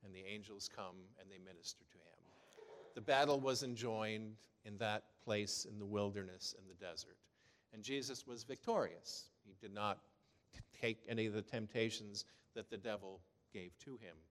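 A man's voice: on the low side, moderate pace. Chatty preacher man in an echoing hall. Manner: conversational, many "you know" fillers. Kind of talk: sermon. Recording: long hall reverb.

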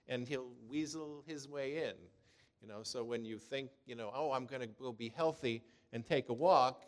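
A man preaching a sermon in a conversational way, with many "you know" fillers, in what sounds like a church. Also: medium pitch. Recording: long hall reverb.

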